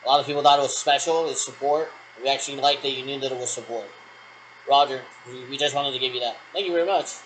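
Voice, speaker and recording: A man's voice: medium pitch, steady tone, fast, fairly bright tone, poor audio. A man in the middle of a long radio check, his talk looping and meandering. He leans on clipped military replies over and over. A faint hiss sits under his voice. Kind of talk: rambling one-sided radio check talk.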